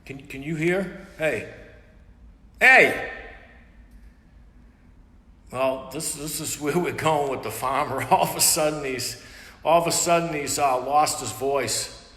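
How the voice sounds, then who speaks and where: A man hosting a live stream, exasperated, shouting for an answer and muttering curses under his breath. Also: on the high side, normal speed. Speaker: stream host. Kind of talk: casual live-stream comedy bit. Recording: echoey room with long reverb, faint hiss.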